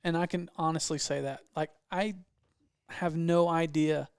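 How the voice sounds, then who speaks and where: Southern-accented male podcast host, slightly high voice, joking, dry sound. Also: fairly even intonation, a little slow, clear, resonant tone, no echo. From American South. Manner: joking, laughs often. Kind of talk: casual chat.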